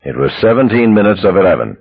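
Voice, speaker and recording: A man narrating an audiobook in a steady, measured storytelling manner, on a dull lo-fi recording. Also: low voice, vocal fry, husky.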